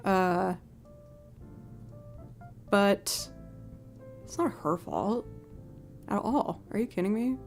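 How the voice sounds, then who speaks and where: A woman in casual livestream chat, telling a story and slipping into the voices of the people in it with big leaps up in pitch. Her voice sits in a middle register, and faint music plays behind her. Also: drawn-out words, pauses often. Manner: animated storyteller who acts out quotes with big pitch jumps. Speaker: streaming musician.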